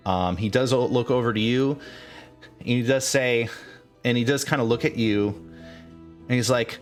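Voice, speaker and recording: A man narrating as game master, halting with many fillers and restarts. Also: medium pitch, faint music behind.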